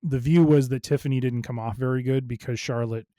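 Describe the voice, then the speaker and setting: A man's voice: mid-range voice, steady tone, fairly quick, mellow, no echo, clean studio sound. A man co-hosting a podcast, explaining wrestling news in casual chat and reading an article aloud. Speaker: podcast co-host.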